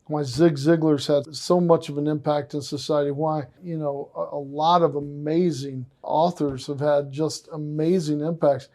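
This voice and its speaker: A man's voice: fairly high pitch, normal speed, few pauses. A man hosting a podcast, enthusiastic and effusive as he tells stories. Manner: enthusiastic, effusive, animated storyteller. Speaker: podcast host. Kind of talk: casual podcast conversation.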